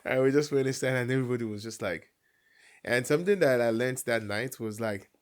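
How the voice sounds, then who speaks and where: A man's voice: medium pitch, a little fast. A young man from Nigeria with a Nigerian accent, a guest telling a family story in casual chat and acting out the voices of his relatives. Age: young adult. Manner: animated storyteller, acts out family dialogue with laughs.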